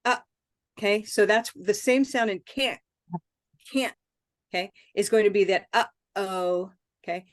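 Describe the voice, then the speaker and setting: A woman's voice: medium pitch, a little slow, pauses often, no room sound, clean studio sound. A woman, leading a live online pronunciation lesson and patiently modeling words for learners to repeat. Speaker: English pronunciation teacher.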